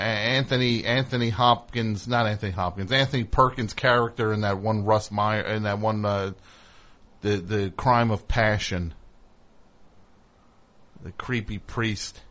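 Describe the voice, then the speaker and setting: A man's voice: on the low side, a bit bright. Man hosting a call-in show. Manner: teasing, needling callers. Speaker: host. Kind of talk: call-in radio talk.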